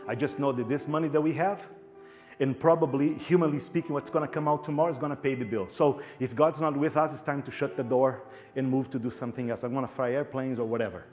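A male pastor tells a story in his sermon. He speaks at an average pitch and animates the dialogue, often repeating his words. Faint music plays behind him. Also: steady tone, fast, darkish tone.

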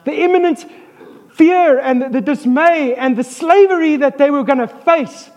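A pastor preaches an animated sermon, slipping in jokes and calling for amens. His voice sits very high for a man. Long hall reverb carries every line. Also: moderate pace. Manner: animated, joking asides, calls for amens.

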